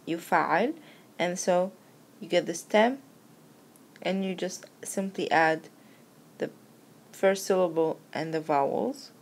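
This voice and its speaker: A woman teaching an Arabic grammar lesson, patiently explaining verb patterns step by step and reciting conjugations slowly. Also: mid-range voice. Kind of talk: recorded language lesson.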